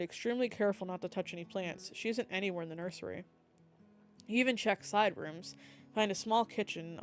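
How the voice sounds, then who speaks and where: A young woman, a streamer, reading the text of a dating game aloud with lively asides and slips. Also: mid-range voice.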